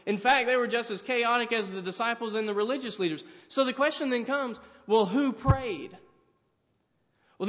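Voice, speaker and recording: A man's voice: sits high, a bit bright. A man preaching a sermon, retelling a story dramatically and acting out the voices of its characters. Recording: hall reverb.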